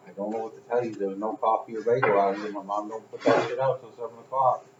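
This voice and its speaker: A man's voice: fairly low pitch, fairly even intonation, fast, background noise. A man telling rambling, profane stories in casual chat, laughing along as he goes. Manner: rambling storytelling, swears, laughs at own stories. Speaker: podcast co-host. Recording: echoey room, dull sound.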